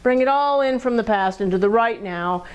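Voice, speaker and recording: A woman's voice: a little high, normal speed, dull audio. A woman counselor leading a group lesson in a group room, talking conversationally, asking the group questions and acting out angry voices.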